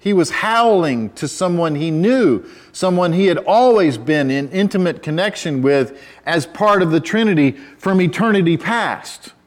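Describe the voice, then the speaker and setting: A man preaching a sermon in a conversational way, with self-deprecating asides and restarts, who rises to loud, emphatic cries when quoting scripture. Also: sits high, expressive, unhurried, hardly any pauses. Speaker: pastor.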